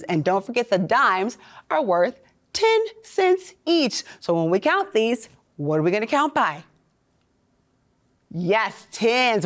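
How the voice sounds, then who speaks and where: A woman teacher counting coins with children in a cheerful, excited way. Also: mid-range voice. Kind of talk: children's lesson.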